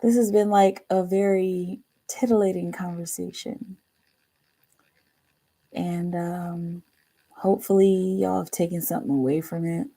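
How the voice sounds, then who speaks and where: A woman's voice: on the low side, fairly even intonation, unhurried, dark tone. A young woman hosting a tarot livestream, chatting casually to viewers in a rambling way, laughing often and saying "like" a lot. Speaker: tarot reader livestream host.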